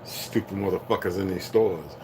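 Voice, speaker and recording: A man ranting to his viewers in a loose, profane monologue that swings between heated outbursts and low muttering. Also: normal speed, mellow, slight background noise. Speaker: vlogger. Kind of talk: rambling solo rant.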